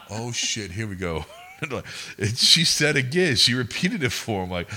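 A man's voice: fairly low pitch, animated, a little fast, sharp tone. A young man co-hosting a podcast, telling rambling, profane stories in casual chat. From United States. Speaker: podcast co-host.

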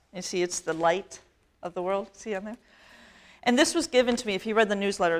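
A middle-aged woman priest preaching a conversational sermon, self-deprecating and often laughing. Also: medium pitch.

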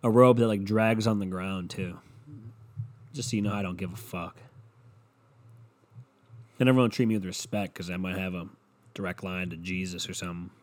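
A man's voice: low-pitched, normal speed, long pauses. A man ranting in a sarcastic comedy style, swearing freely and mocking people. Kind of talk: profane comedic rant.

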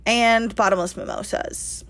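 A woman in her twenties telling a lively story on a casual podcast, laughing often and saying "like" a lot. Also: mid-range voice, measured pace. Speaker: podcast co-host.

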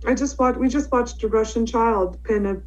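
A woman's voice: a little high, normal speed, darkish tone, muffled recording. A young woman chatting casually as a co-host, swearing freely and laughing as she rambles. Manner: profane, laughing often, rambling. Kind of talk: casual chat.

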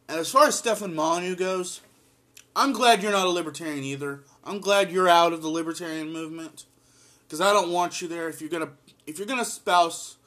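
A man's voice: a little high, bright, forceful tone. A man giving impassioned solo political commentary and reading an article aloud, blunt and emphatic, repeating lines for force.

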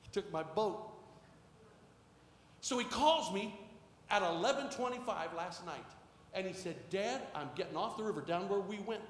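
A middle-aged male pastor preaching a sermon, moving from quiet storytelling to shouted exhortation. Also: high voice, animated, moderate pace, long pauses. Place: church sanctuary. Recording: echoey hall with faint noise.

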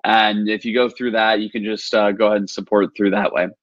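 A man's voice: lowish voice, little pitch movement, fairly quick, a bit bright, no room sound, dull audio. A man hosting a live-streamed podcast, talking casually with lots of fillers and restarts, his voice a little worn as he says he is partly losing it. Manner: rambling, filler-heavy, upbeat. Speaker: podcast host.

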